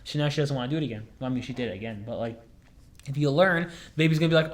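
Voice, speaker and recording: A man's voice: medium pitch, racing. A young man hosting a casual chat, rambling and goofy, full of fillers and restarts. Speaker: podcast host.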